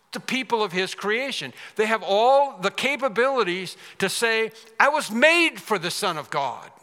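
A man's voice: high-pitched, sharp tone. A man preaching a sermon, speaking emphatically and repeating phrases for effect. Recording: long hall reverb.

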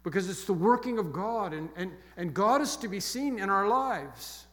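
Man, preacher, sermon, emphatic, repeats phrases, slightly high voice, long hall reverb. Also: lively intonation, normal speed. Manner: emphatic, repeats phrases, drops to soft near the end. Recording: long echo of a large hall.

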